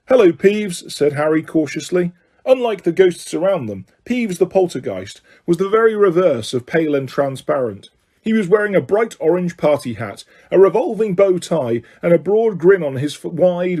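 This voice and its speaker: A man's voice: fairly high pitch, dark tone, slightly rough. A man reading a storybook aloud as amateur narration, slipping and correcting himself now and then. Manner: slips and self-corrects, laughs. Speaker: audiobook reader.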